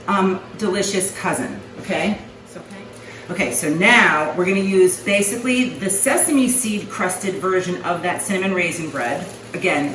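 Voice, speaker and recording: A woman's voice: fairly low pitch, far from the mic, noisy background. Chatty woman cooking in an echoey kitchen. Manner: chatty, folksy, says okay often. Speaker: home cooking vlogger. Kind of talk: casual cooking demonstration. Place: home kitchen.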